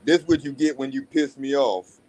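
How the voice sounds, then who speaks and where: A man's voice: mid-range voice, moderate pace, a little mellow. A man on a casual livestream, teasing a friend with roasting jokes.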